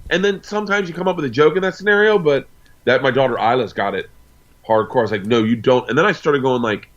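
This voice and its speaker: A man's voice: medium pitch, quick pace, a bit bright, highs cut off. A man in his forties, a guest on an interview show, telling rambling anecdotes full of asides. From United States. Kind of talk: casual storytelling.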